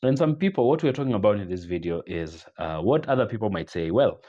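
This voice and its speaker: A man hosting his channel, giving measured commentary and quoting old sayings. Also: lowish voice, animated, warm tone, highs cut off. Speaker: channel host. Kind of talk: commentary video.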